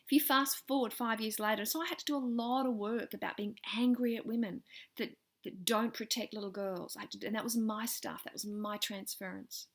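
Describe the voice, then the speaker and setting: A middle-aged woman speaks straight to the camera, telling her own story in an earnest vlog. Her voice is animated. It rises with feeling at the tense moments and falls almost to a whisper at the tender ones. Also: on the high side, fairly quick. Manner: earnest, animated, voice rising with intensity and dropping to near whispers. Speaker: vlogger sharing personal stories.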